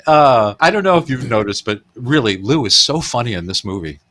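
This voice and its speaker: A man's voice: medium pitch, expressive, brisk, fairly bright tone. A man hosting a podcast, animatedly retelling film scenes in casual chat and laughing often. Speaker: podcast host.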